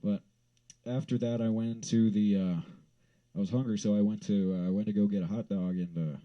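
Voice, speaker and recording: A man from Wyoming telling a rambling, profane story in a casual vlog, swinging into loud exasperated rants. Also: on the low side, steady tone, a little fast, dull audio.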